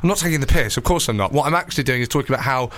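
A man's voice: medium pitch, lively intonation, rapid-fire, a bit bright. A man hosting a podcast, joking and teasing his guest in casual chat, with sudden exclamations. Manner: jokey, teasing, bursts into exclamations. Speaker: podcast host and comedian.

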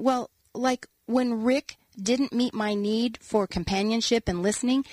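A woman, an author and guest, telling a personal story in an earnest, animated way and acting out quotes as she talks. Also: on the high side, dry recording. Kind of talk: casual storytelling conversation.

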